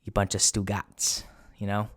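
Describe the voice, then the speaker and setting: A man's voice: fairly low pitch, monotone, quick pace, lightly acted. A man putting on the voice of a brash tough-guy mobster, with a swaggering, exaggerated drawl.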